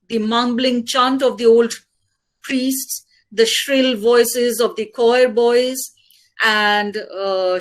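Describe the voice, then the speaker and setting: A woman speaker at an academic webinar, reading her lecture paper in a measured way and quoting passages. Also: on the high side, low-quality recording. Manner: slow, measured delivery with quoted passages. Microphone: video call.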